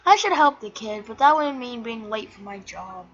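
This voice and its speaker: A woman's voice: a little high, sing-song, normal speed, a bit bright, lo-fi sound. A woman reading a story game aloud as narrator, chatty and often tripping over words and correcting herself. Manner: chatty, stumbles and self-corrects while reading. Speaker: channel host reading a game. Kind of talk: reading a visual novel aloud.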